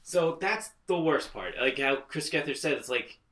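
A man's voice: medium pitch, lively intonation, normal speed, a bit bright. A man co-hosting a casual movie podcast, rambling with lots of fillers and swearing. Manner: rambling, filler-heavy, profane. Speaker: podcast co-host.

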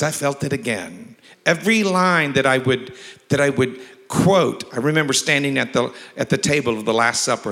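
Male pastor with a bright, forceful voice, preaching in a large church with long reverb; jokey asides and emphatic scripture. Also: medium pitch, moderate pace. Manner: humorous storytelling mixed with emphatic scripture reading. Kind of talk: sermon.

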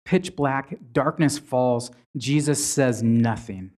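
A man's voice: medium pitch, slow pace, a little mellow. A man preaching a sermon in a conversational way, retelling scripture with frequent restarts.

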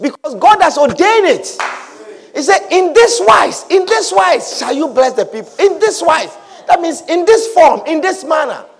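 A man pastor preaching a sermon, repeating shouted blessings and swinging between quiet speech and loud calls. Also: extremely high pitch, sing-song, normal speed.

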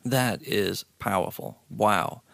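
A man hosting a podcast interview, who also teaches high school, talking in an earnest, halting way. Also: gravelly, a bit bright, no room sound. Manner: earnest, halting, easily impressed. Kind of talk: casual interview chat.

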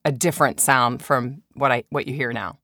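A male guest with a bright, sharp tone answers questions about his work, stopping and correcting himself along the way. The recording is dry and close. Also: mid-range voice, steady tone, normal speed, no echo. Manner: hesitant, with fillers and self-corrections. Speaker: guest voice actor. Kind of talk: casual interview chat.

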